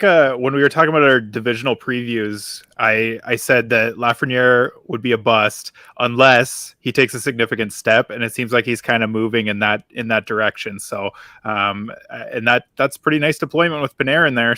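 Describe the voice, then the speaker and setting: A man's voice: mid-range voice, bright, forceful tone, no echo, clean studio sound. A man co-hosting a fantasy hockey podcast, chatting casually and hesitantly, with many uhs and restarts. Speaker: podcast co-host.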